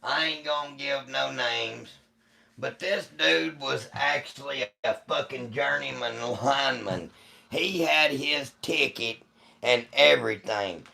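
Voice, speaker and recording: Slow, gravelly-voiced man telling stories. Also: mid-range voice, sharp tone. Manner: profane, rambling storytelling. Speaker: livestream host. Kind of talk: casual storytelling to live chat.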